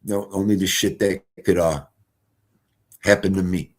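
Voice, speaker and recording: A middle-aged man telling stories casually on a livestream, animated, swinging from loud exclamations to quiet mutters. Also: deep voice, unhurried. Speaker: streamer.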